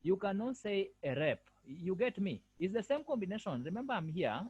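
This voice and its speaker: A man's voice: sits high, sing-song, a little fast, darkish tone, slightly rough, no room sound, lo-fi sound. A male French language lecturer giving an online lesson over a video call, repeating himself and firmly correcting students. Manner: repetitive, firm corrections.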